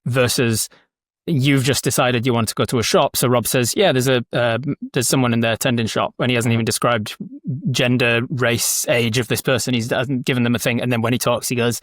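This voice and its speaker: Fast-talking man, dry close sound. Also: mid-range voice, no echo. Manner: animated, quick and self-correcting. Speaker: guest dungeon master. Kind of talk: casual conversation.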